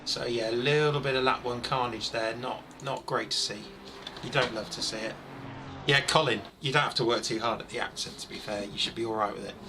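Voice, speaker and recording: A man over forty doing live, chatty commentary on a sim race, excitable when incidents happen. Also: medium pitch, a little fast, background noise.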